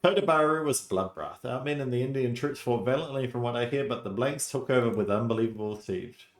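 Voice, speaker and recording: A man's voice: mid-range voice, a little fast, roomy sound, faint music behind, pitched above the performer's own voice, natural voice. A man voicing a weary, blunt middle-aged male sergeant with a grim outlook.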